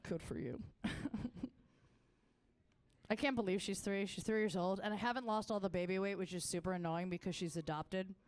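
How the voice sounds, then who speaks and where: A woman's voice: moderate pace, pauses often. A woman performing a stand-up comedy set on a festival stage, telling profane stories in a brash manner. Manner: jumps to a much higher, excited voice for quoted lines.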